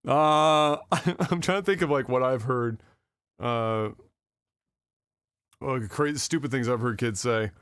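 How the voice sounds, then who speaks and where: A man in his thirties co-hosting a podcast, telling a story in casual chat, animated, laughing often and swearing freely. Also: mid-range voice, takes it slowly, pauses often, smooth, no echo, studio quality. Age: 30s. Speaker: podcast co-host.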